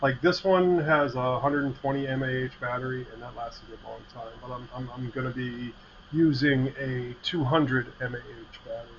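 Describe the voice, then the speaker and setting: A man's voice: mid-range voice, steady tone, normal speed. A man co-hosting a livestream, chatting in a rambling, friendly way about his gadgets. His voice sits mid-range and comes through a slightly dull mic, with a faint hiss underneath. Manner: rambling, friendly, tech-minded. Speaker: podcast co-host. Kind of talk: casual livestream chat.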